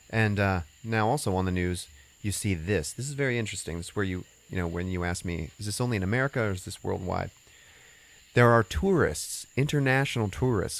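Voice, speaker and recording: Deep-voiced man rambling through a movie recap. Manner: rambling, lots of "you know" and "uh", casual swearing. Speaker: podcast host.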